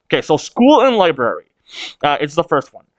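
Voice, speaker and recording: A man's voice: on the high side, big pitch swings, fairly quick, dry recording, highs cut off. A man hosting a casual manga read-along reaction, rambling with restarts and casual swearing.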